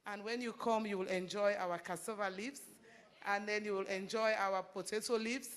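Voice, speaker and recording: A woman's voice: mid-range voice, fairly even intonation, moderate pace. Woman inviting visitors enthusiastically. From Sierra Leone. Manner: warm, inviting, promotional.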